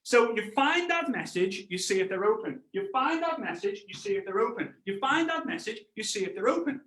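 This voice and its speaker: Animated man with a high voice. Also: moderate pace, roomy sound. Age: 30s. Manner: storytelling, acts out voices, shouts and laughs. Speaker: network marketing trainer. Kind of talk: animated motivational training talk.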